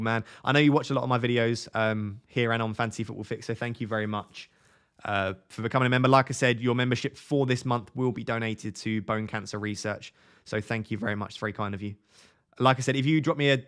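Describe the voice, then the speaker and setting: Young male streamer, mid-pitched, casual and chatty, answers live chat. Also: a bit bright, clean tone. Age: 20s. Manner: chatty, reads viewer comments aloud and answers them.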